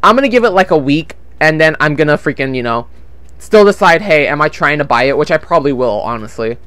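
A man's voice: fairly high pitch, expressive, quick pace, fairly bright tone, clear, resonant tone, no echo. A young man chatting casually while playing a game, rambling and swearing about money troubles, on a desktop microphone at home. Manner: rambling, frustrated, swears often. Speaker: gaming channel host. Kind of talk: casual gameplay commentary. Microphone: desktop USB microphone.

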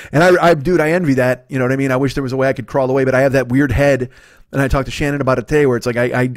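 A fast-talking man in his fifties rambles through a profane comedy rant, tripping over his own restarts. His voice sits mid-range and close to the mic, with a dry, dead-sounding room. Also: medium pitch, dry recording. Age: 50s. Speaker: podcast host. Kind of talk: solo comedy podcast rant.

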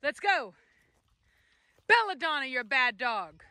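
A woman's voice: high-pitched, very animated, measured pace, pushed and bright, dry recording, studio quality. A woman, filming a casual vlog outdoors as she plays with her dogs, laughing and calling commands to them.

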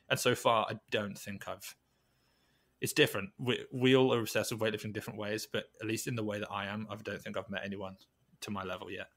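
Low-voiced man musing in an interview. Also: level tone, fairly bright tone. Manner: thoughtful, halting, many restarts and fillers. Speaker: podcast guest, weightlifting coach. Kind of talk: reflective conversational interview.

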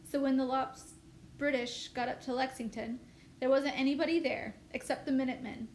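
A woman reading aloud, voicing an eager, proud young male soldier who rushes his words and loses his temper quickly. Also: sits high, fairly even intonation, darkish tone. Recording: echoey room, faint noise.

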